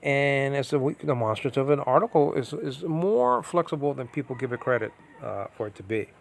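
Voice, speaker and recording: A man's voice: mid-range voice, animated, fairly quick, gravelly, slight background noise. A man teaching biblical Greek in an informal, rambling way, with many fillers and restarts, often asking if listeners follow.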